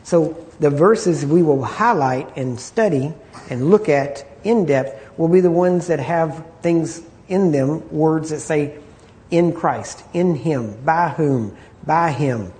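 Mellow, throat-clearing male Bible teacher. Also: on the high side, takes it slowly. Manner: conversational and repetitive, clears throat often. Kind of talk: informal Bible study teaching.

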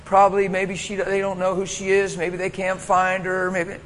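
High, bright-voiced man preaching in a hall. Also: moderate pace, slight background noise. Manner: animated storytelling, acts out voices, laughs often. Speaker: pastor. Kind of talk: sermon. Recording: hall reverb, faint ambience.

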